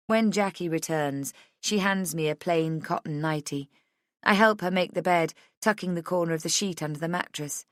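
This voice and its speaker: A woman with a low voice reads a first-person thriller audiobook. Her reading is measured and intimate, and the recording is close and dry with no room sound. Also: no echo. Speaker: audiobook narrator.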